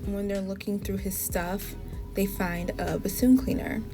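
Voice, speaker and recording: Chatty woman recapping a tv show, gravelly low-key voice, faint music behind. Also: fairly even intonation, a little slow. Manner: chatty, lots of "like" asides. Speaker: TV show reviewer. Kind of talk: casual plot recap.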